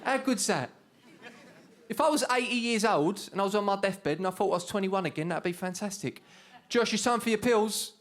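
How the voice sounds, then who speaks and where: A man's voice: high-pitched, a little fast. A young man with an Essex accent doing a stand-up comedy set, telling cheeky stories with punchlines. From England. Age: young adult. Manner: cheeky storytelling with punchlines, shouted put-on voices. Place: comedy studio stage with live audience.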